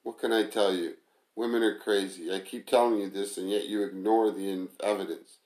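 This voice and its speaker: A man's voice: lowish voice, steady tone, moderate pace, a little mellow, lightly acted. A man doing a bossy, scornful restaurant manager. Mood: scoffing. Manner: mocking, bossy, insulting. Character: blunt scornful male restaurant manager, adult. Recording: roomy echo.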